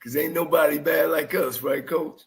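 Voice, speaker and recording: A man's voice: on the high side, steady tone, normal speed, poor audio. A man co-hosting a casual sports talk show, candid and blunt, with folksy sayings. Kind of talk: casual chat.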